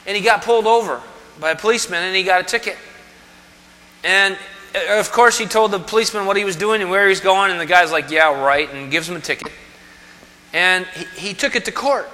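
A man's voice: high voice, pushed and bright, big-room sound. A man preaching a sermon as pastor, conversational and full of rhetorical questions.

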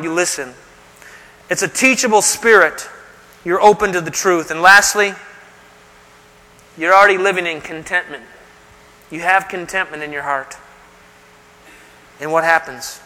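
A man's voice: high-pitched, bright, forceful tone, in a large hall. A middle-aged male pastor preaching a sermon in a conversational, emphatic way, full of rhetorical questions.

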